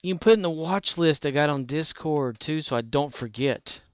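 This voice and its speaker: A man's voice: on the high side, moderate pace. A man streaming a video game and chatting casually in a rambling way, with chuckling asides. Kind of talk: casual gaming commentary.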